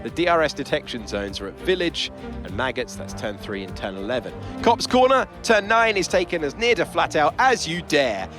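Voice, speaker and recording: A man voicing an upbeat television race commentator in a video game, with scripted broadcast delivery, over game audio with a loud music bed. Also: on the high side, sing-song, moderate pace. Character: polished male TV race commentator.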